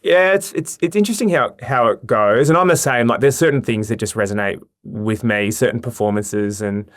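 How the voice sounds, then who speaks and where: Aussie bloke in his 40s, guest on a chat show, tells stories real animated. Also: medium pitch, fairly quick, dry recording, studio quality. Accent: Australian. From Australia. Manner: animated storyteller, lively anecdotes. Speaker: podcast guest. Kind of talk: casual chat.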